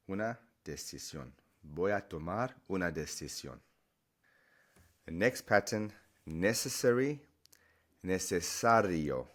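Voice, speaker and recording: A man with a deep, low voice explains Spanish vocabulary patterns in a relaxed, chatty way. He often pauses to say a word slowly and repeat it several times so learners can hear the stress. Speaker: Spanish language teacher. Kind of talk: explanatory language lesson.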